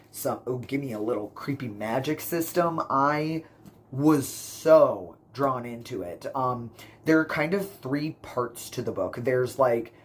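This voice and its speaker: A man rambling casually through book reviews for his channel, full of fillers and self-corrections, gushing about what he loved. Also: mid-range voice. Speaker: book vlogger.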